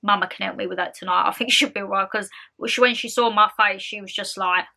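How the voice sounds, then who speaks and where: A young woman ranting to her vlog camera at home, animated and exasperated, full of slangy asides. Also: mid-range voice, fast, gravelly. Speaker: vlogger. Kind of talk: casual ranting chat to camera.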